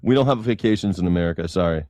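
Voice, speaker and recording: A man's voice: low-pitched, very fast, a little mellow. A young man hosting a news reaction show, sarcastic and mocking, with lots of swearing. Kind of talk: profane sarcastic commentary.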